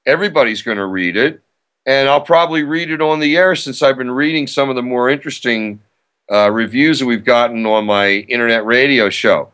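A man's voice: mid-range voice, fairly even intonation, fairly quick, fairly bright tone, clean tone. An older man, an author and radio host, talking casually and eagerly in a podcast interview, with frequent restarts. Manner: chatty, self-promoting, frequent restarts.

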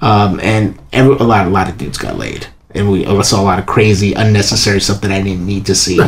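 A man telling a long personal story in casual chat, acting out the people he quotes by jumping to a much higher voice. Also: fairly quick, gravelly, a little hiss or hum. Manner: animated, acts out quoted voices in a high pitch. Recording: echoey room with faint ambience.

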